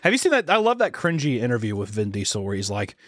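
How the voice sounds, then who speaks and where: A man's voice: mid-range voice, wildly swooping pitch, fast talker, no echo, studio quality. A young man co-hosting a podcast, telling crude stories in casual chat and slipping into mock voices. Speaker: podcast co-host.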